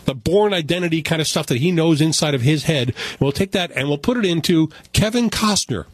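Male critic, lively sarcastic delivery, a touch husky, fairly high pitch. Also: brisk, dry recording. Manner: animated, sarcastic, jumps into voices. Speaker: film critic. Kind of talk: casual radio chat.

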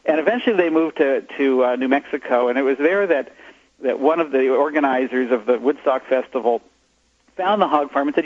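A man being interviewed as an author, talking in a halting way with many restarts. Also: mid-range voice, no room sound, muffled recording. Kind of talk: radio interview.

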